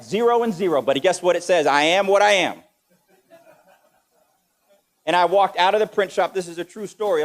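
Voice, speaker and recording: Energetic male motivational speaker. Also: a little high. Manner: energetic, quizzes the audience. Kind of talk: motivational lecture.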